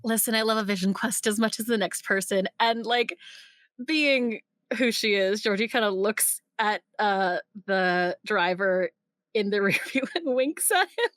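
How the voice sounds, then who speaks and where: A woman's voice: mid-range voice, measured pace, a bit bright, no room sound, clean studio sound. A woman playing a tabletop role-playing game, candid and playful, often laughing. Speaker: player.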